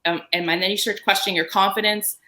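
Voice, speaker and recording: A woman speaking on a panel, telling animated stories about her security work. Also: mid-range voice, fast. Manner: animated storytelling, quoting herself and others. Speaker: guest panelist. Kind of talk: panel discussion.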